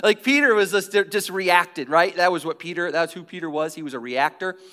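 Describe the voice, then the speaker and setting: A man's voice: sits high, normal speed, bright, forceful tone. A pastor preaching a conversational sermon, repeating phrases for emphasis and often restarting his sentences.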